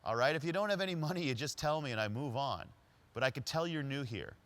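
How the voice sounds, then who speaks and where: A man acting out a streetwise homeless man who is tough but kind, in a louder, higher, emphatic voice. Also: animated, fast, close to an everyday voice. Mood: encouraging.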